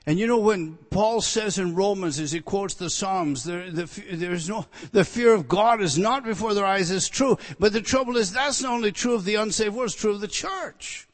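A male preacher delivering an expository sermon in a fairly high, ringing voice. He speaks straight to his listeners with rhetorical questions. He swings between loud, emphatic declarations and hushed, intense near-whispers. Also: normal speed, few pauses, big-room sound.

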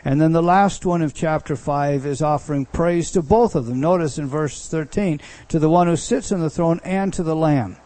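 Mellow-voiced man teaching a sermon. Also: fairly high pitch, normal speed, hardly any pauses. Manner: conversational, with frequent restarts and rising emphasis. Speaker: pastor teaching a Bible study.

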